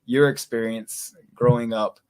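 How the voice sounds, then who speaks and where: A man's voice: medium pitch, steady tone, a little slow, a little mellow. A man from Louisiana hosting a podcast, chatting casually with lots of fillers and frequent laughter. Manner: rambling, laughs often, many fillers. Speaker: podcast host. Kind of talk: casual chat.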